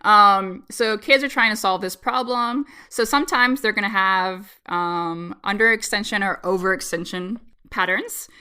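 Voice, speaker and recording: A woman's voice: medium pitch, a little slow, hardly any pauses, pushed and bright, clear, resonant tone. A woman interviewed on a podcast, explaining child language in a chatty way with lots of ums and likes and laughs between points. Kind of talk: casual explanatory chat.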